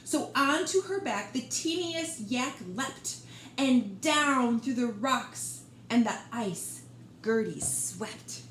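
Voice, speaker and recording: A woman librarian reads a picture book to children, gentle and expressive, speaking straight to her young listeners. Her voice sits high and swings widely, and she takes her time. The room sounds roomy and echoing. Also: slow pace, slight background noise. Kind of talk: storytime read-aloud.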